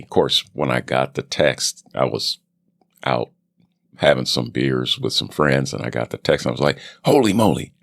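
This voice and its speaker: A man hosting his own podcast, chatting casually about his voice-over work, with relaxed, self-deprecating asides. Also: extremely low pitch, creaky, no room sound, clean studio sound. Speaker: podcast host. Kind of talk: casual solo podcast update. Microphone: studio microphone.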